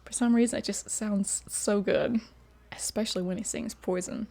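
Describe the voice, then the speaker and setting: A woman's voice: mid-range voice, steady tone, normal speed, warm tone. A woman hosting a reaction video, chatting casually and laughing often. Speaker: host. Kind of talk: reaction commentary.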